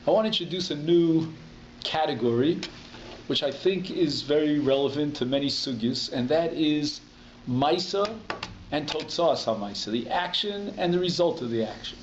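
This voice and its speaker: A man's voice: a little high, moderate pace, echoey room, dull audio, a little hiss or hum. A man, a rabbi giving a conversational Talmud class, explaining step by step and restating each term in plain English. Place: community synagogue hall.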